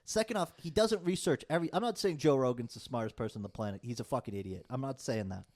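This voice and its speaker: A young man holding forth on a podcast. His voice sits in an ordinary middle pitch, and he rambles from one rant to the next, swearing freely. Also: fast, darkish tone. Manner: profane, rambling rants. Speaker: podcast co-host. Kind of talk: casual chat.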